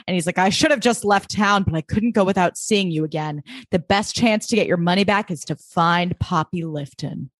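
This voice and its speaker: A woman's voice: fairly low pitch, normal speed, few pauses, no echo, clean studio sound. A woman from the US Midwest co-hosting a podcast, chatting casually and peppering her recap with "like" while quoting people. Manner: chatty, frequent "like", quotes people in voices. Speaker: podcast co-host. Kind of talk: casual chat recapping a TV episode.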